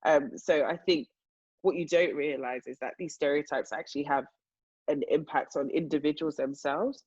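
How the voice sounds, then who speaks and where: Young woman on a video call, husky voice, thinking out loud with lots of ums, dull muffled audio. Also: low voice, steady tone, normal speed, dry recording. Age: young adult. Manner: reflective, thinks aloud with many fillers. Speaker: panel speaker. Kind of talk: casual panel talk.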